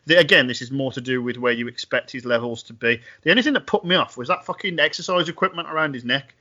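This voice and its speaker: A man co-hosting a podcast, recapping events in a wry, animated way. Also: mid-range voice, quick pace, dull audio. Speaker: podcast co-host. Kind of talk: casual podcast chat.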